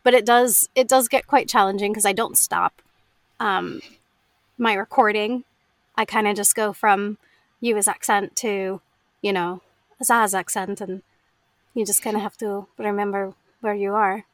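A woman's voice: medium pitch, steady tone, a little slow, dry recording. Chatty American woman, dry close sound. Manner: chatty, laughs often, many ums and restarts. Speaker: audiobook narrator, guest. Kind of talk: casual interview chat.

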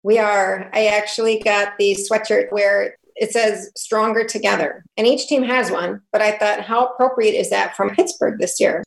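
A woman's voice: mid-range voice, fairly even intonation, normal speed, vocal fry, few pauses, rough recording. An older woman, a grandmother, chatting upbeat and laughing often as a foundation vice president in an interview. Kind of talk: casual interview chat.

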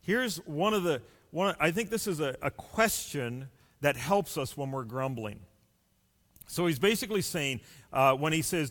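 A male pastor delivering a sermon in a slightly high voice, speaking very slowly and deliberately. He stacks up rhetorical questions one after another. His voice rings out with a long reverb, as in a large church hall. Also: expressive, a bit bright.

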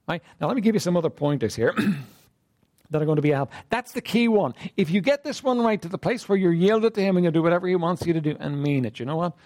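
Animated high-pitched male preacher. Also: fast. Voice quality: frequent throat clearing. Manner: conversational preaching with frequent "right?" and "you know what?". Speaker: pastor. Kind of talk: sermon.

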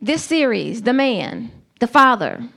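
A woman preaching a sermon to a congregation, earnest and emphatic, with slow, deliberate phrasing. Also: a little high, very animated, gravelly, bright, forceful tone.

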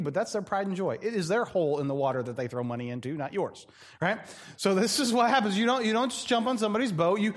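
Middle-aged male pastor, high-ish voice, animated preaching that acts out quoted voices. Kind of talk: sermon.

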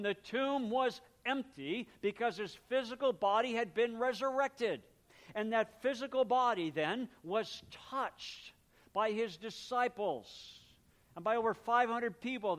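High-voiced man preaching a conversational sermon. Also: measured pace. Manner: conversational, explains word meanings, acts out little exchanges. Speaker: pastor.

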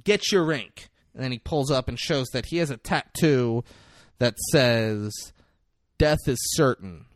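A podcast co-host with a mid-range voice recaps a film casually alongside another host, speaking at a measured pace. He's animated, acting out the characters' lines with big vocal swings and swearing freely, and the studio-quality recording has no room sound.

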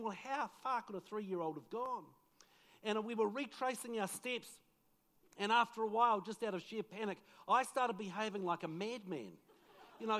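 Middle-aged New pastor, fairly high voice, lively storyteller who plays every part himself. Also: male voice. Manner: animated, acts out dialogue in the story. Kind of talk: storytelling sermon.

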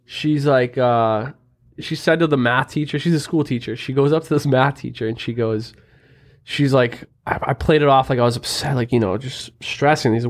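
A man's voice: medium pitch, steady tone, normal speed. Rambling young man telling stories. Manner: rambling storyteller, lots of "like" fillers. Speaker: podcast co-host. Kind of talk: casual chat.

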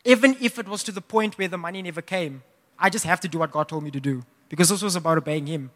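A young man preaching a sermon, telling a personal story in a casual, animated way with laughs. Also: sits high, fast. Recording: long hall reverb.

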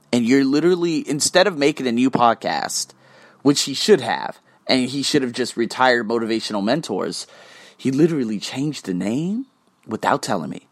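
A man hosting a podcast, telling a casual story in an animated way, swearing freely and acting out the lines of the people in it. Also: mid-range voice, no echo. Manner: animated, swears freely, acts out quoted dialogue. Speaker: podcast host.

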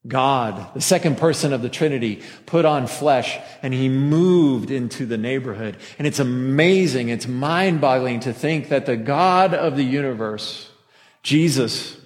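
A pastor delivering a Christmas sermon in a church before a masked congregation, talking conversationally and joking at his own expense. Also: medium pitch. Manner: conversational preaching with self-deprecating jokes. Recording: long hall reverb.

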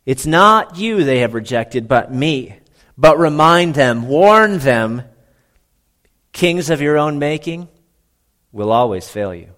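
A man voicing God, calm and firm. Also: fairly high pitch, slow pace. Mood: earnest.

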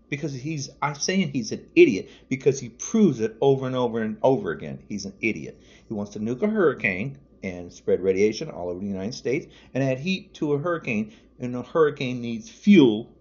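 A man's voice: mid-range voice, a little mellow. A man podcasting an angry political rant, furious and repetitive, hurling insults. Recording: dull lo-fi audio.

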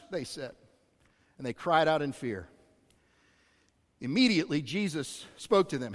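A man's voice: fairly high pitch, very animated, unhurried, long pauses. A man preaching a sermon as pastor, speaking conversationally with self-deprecating asides to his congregation. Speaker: executive pastor. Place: church auditorium. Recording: long hall reverb.

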